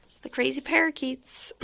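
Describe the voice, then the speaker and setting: A woman's voice: high voice, fairly even intonation, a little slow, vocal fry, very noisy. A woman chatting casually in a home vlog about her pets, rambling and giggling, cooing at the animals. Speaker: pet vlogger. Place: home pet room.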